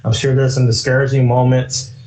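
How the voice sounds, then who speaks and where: A man hosting a casual live-stream interview, relaxed and chatty, often saying "you know" and "man". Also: mid-range voice, brisk, echoey room, rough recording. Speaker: host.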